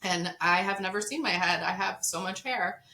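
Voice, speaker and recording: Bright-voiced woman telling a story. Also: mid-range voice, moderate pace. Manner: animated, laughs often while telling. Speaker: podcast guest. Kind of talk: casual personal storytelling. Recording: echoey room.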